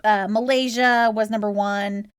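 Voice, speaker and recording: A woman's voice: medium pitch, steady tone, measured pace, smooth, dry recording, clean studio sound. A woman co-hosting a casual podcast, chatty and laughing often, reading out research with fillers. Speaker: podcast co-host.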